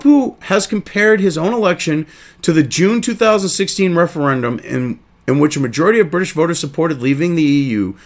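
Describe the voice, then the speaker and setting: A man hosting a crude, indignant commentary show, reading news excerpts aloud and then ranting about them. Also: on the high side. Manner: reads article excerpts then reacts.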